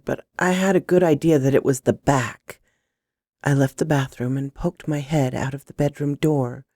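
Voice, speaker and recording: A woman reading a first-person horror story aloud in an expressive, dramatic way. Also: sits low, no echo, clean studio sound.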